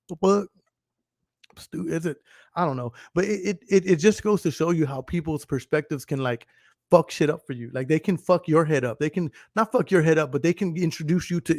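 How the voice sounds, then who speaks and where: A man's voice: fairly high pitch, darkish tone, no room sound, studio quality. A man hosting a podcast, ranting casually and profanely, rambling and laughing often as he talks. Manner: profane, rambling, laughs often, repeats "you know what I'm saying". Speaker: podcast host.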